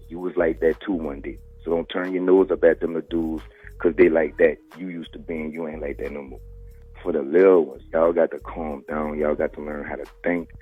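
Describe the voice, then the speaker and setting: A man's voice: low-pitched, slightly rough, no echo. A man from New Orleans with a New Orleans accent, a podcast host talking casually in an interview, full of street slang and "you heard me". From New Orleans, Louisiana. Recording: tinny phone-line radio call.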